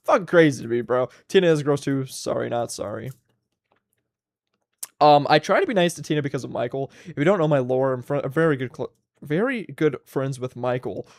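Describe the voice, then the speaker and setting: A man's voice: medium pitch, lively intonation, moderate pace, a little mellow, dry recording, studio quality. A man in his twenties hosting a solo livestream, ranting casually and with plenty of profanity. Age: 20s. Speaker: livestream host.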